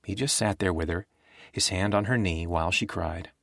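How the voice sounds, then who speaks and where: A man narrating a thriller audiobook in a steady, measured way. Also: low voice, vocal fry, dry recording, clean studio sound. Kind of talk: scripted narration.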